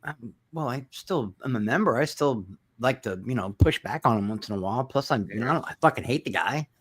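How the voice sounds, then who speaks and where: A man's voice: medium pitch, animated, brisk, slightly rough. A man joining a stream, telling a profane, griping story about online drama. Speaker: guest streamer. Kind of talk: casual stream chat.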